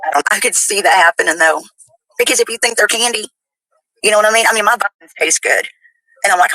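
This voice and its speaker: A woman with a husky voice tells a rambling personal story in a played clip, laughing as she goes. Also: mid-range voice, fast, bright, forceful tone, no room sound, poor audio.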